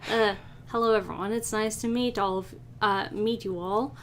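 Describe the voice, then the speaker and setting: A woman's voice: medium pitch, fairly even intonation, moderate pace, a little hiss or hum, natural voice. A woman voicing a shy, kind new girl student in a dating sim, speaking formally and politely.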